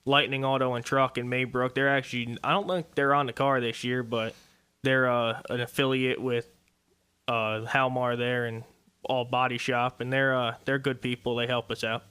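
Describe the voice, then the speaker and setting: Bright, clear-voiced young man. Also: mid-range voice, level tone, normal speed. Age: 20s. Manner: easygoing, rambling with fillers. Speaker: race car driver guest. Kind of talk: radio interview. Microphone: studio microphone.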